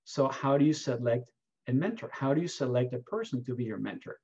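Husky-voiced man. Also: mid-range voice, a little fast, highs cut off. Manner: animated, lively storytelling with emphatic rises. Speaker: keynote award speaker. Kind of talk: answering questions, storytelling.

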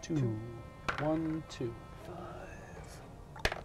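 Man, board game player, jokey casual chat, counts spaces out loud. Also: a little high, drawn-out words, over loud music. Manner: joking, counts spaces aloud.

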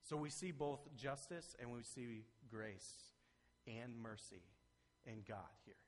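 A man preaching a sermon as pastor, earnest and conversational, rising to emphatic peaks and then dropping soft. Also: medium pitch, slow, slight background noise. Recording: long reverb of a church hall.

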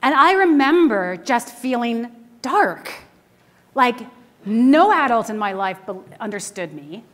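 A woman in her forties preaches in a church, keeping her sermon chatty and full of stories. Her voice sits a little high, and her delivery is animated, with frequent laughter running through it. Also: slow pace. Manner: animated, conversational, laughs often. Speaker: minister. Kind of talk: storytelling sermon. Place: church sanctuary.

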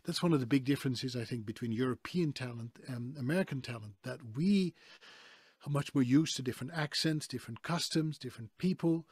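Animated Dutch man, dry sound. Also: medium pitch, fairly quick, husky, no room sound. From Netherlands. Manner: lively, expressive storyteller. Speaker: guest, voice actor. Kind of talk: casual interview chat.

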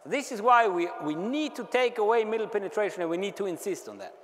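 Basketballs bounce across a large indoor gym as a man with a German accent and a high voice instructs players on defense. Calm explanations alternate with rapid, repeated commands during the drills, all carried by the hall's long reverb.

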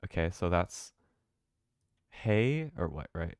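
Male streamer, low voice, dry close mic, rambling commentary. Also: measured pace, a little mellow, dry recording. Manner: rambling, thinking aloud, swears casually. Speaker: game streamer. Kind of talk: casual live-stream commentary.

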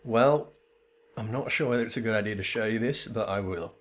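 A man's voice: fairly low pitch, a little fast. A man giving casual, wry let's play commentary with chuckling asides. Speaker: gamer.

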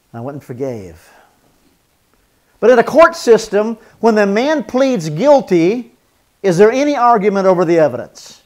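A man teaching a marriage seminar in a sermon style. He moves from loud, emphatic points to soft, quiet role-played apologies and chuckles between points. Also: high-pitched.

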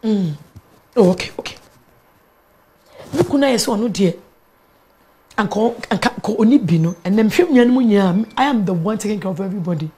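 A middle-aged woman with a Ghanaian accent, a pastor sharing a personal testimony in an animated storytelling manner, switching between English and Twi. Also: medium pitch, a little fast, long pauses. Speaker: pastor and guest.

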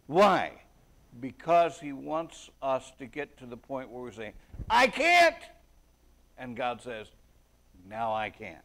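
Male preacher, unhurried sermon delivery, conversational and earnest with sudden emphatic bursts, mid-pitched voice. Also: fairly even intonation. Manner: reads scripture aloud in King James wording.

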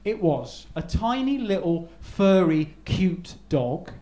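A man's voice: high voice, very animated, slow, dark tone. A man doing live stand-up, telling a rambling story with stammers and restarts. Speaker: stand-up comedian. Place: live comedy venue. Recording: echoey live room with noise.

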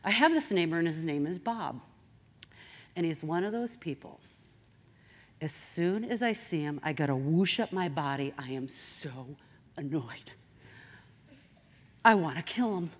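A woman speaking to an audience in a motivational talk, direct and straight-talking. Her voice sits on the lower side for a woman. She swings between lively emphasis and quiet, serious moments. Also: moderate pace.

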